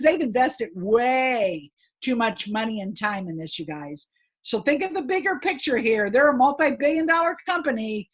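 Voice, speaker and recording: A middle-aged woman giving an upbeat, emphatic motivational training talk to her sales team, chatty and quick to laugh. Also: on the high side, expressive. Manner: laughs between points.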